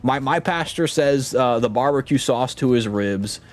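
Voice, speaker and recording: A man's voice: medium pitch, normal speed. Joking young man streaming a game. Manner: joking, rambling, heavy slang. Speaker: gaming streamer. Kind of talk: casual let's play commentary. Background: game music.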